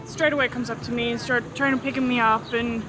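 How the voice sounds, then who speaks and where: A woman's voice: a little high, flat delivery, fairly quick. A woman travel vlogger earnestly telling how she was made uncomfortable, speaking casually to camera. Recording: clear street noise behind.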